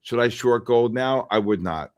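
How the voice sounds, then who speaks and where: A man's voice: medium pitch, moderate pace. A middle-aged man hosting a live trading stream, rambling casually and calling out viewers by name. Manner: rambling, chatty, shouts out chat names. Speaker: livestream trading host.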